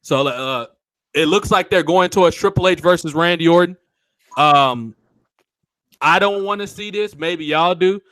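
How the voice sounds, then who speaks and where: A man's voice: a little high, a little slow, a bit bright, dry recording. A man hosting a casual wrestling talk show, speaking bluntly and swearing freely. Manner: blunt and profane. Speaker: podcast host.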